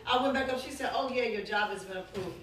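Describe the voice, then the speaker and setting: A woman pastor giving a sermon testimony, telling her story with animated voices and frequent laughter. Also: fairly high pitch, fast, very noisy. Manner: animated storytelling, acts out dialogue, laughs often. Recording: echoey room, from far off.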